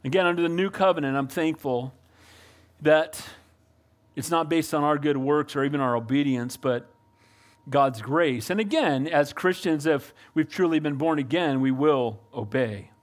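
A middle-aged male pastor preaching a sermon, calling for amens and moving between loud exhortation and quiet reflection. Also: a little high, normal speed. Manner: preachy, calls for amens, shifts from loud to soft.

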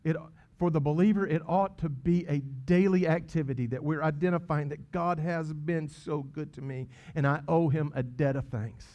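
Male pastor, sermon delivery, slightly high voice, muffled lo-fi audio. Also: fairly even intonation, normal speed, hardly any pauses. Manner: earnest preaching, rising to emphatic peaks and dropping to hushed asides. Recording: dull lo-fi sound.

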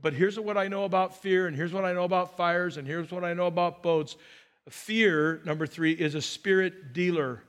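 A man preaching a sermon as pastor, animated and joking, often restarting his words. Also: high voice, moderate pace.

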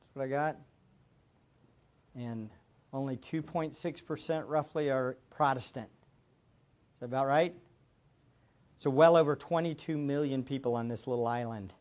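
A preacher giving an impassioned sermon, moving from quiet reflection to loud exclamations and closing in prayer. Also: medium pitch, moderate pace, long pauses, lo-fi sound. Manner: ends in prayer.

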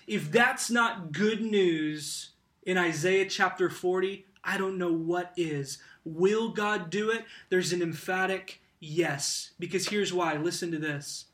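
Emphatic preacher, high bright voice. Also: male voice, steady tone, a little slow. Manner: emphatic, rhetorical questions, swings from loud to hushed. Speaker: pastor. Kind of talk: sermon.

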